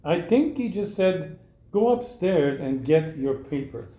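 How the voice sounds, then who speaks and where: A man reading the part of a slow-witted male gangster in a play read-through. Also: a little high, animated. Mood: dopey. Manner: slow, dopey, hesitant. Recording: dull echoey recording.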